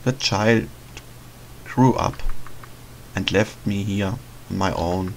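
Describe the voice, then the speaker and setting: A man reading as a lonely, gentle forest witch. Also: on the low side, slow, vocal fry, slight background noise, low-quality recording. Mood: tender. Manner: soft, motherly, hesitant, sighing. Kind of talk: reading game dialogue aloud in a let's play.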